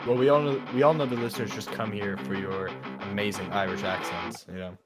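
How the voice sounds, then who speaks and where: A man's voice: fairly low pitch, fairly even intonation, a little fast. A man co-hosting a tabletop game podcast, talking in an upbeat, playful way. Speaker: podcast co-host. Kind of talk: casual chat and show sign-off. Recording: music playing behind.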